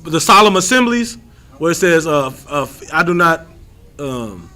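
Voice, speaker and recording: A man's voice: fairly high pitch, very animated, normal speed, sharp tone. A man leading a street-style scripture lesson, blunt and slangy, who stretches out repeated verses for emphasis and often restarts his sentences. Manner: emphatic, drags out repeated quotes, restarts a lot. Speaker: scripture teacher.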